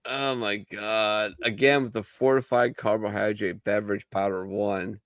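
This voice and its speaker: A man with a low voice hosts a casual podcast, joking and swearing freely as he banters. The sound is dry and close, with no room echo. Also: fairly even intonation, a little slow, fairly bright tone. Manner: profane, loose, joking. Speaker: podcast host.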